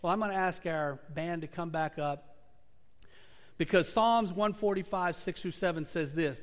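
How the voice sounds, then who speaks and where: Male pastor, high voice, earnest storyteller rising and falling in volume, church sanctuary with long reverb. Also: moderate pace. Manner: earnest storytelling preaching, swelling and dropping in volume. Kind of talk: sermon.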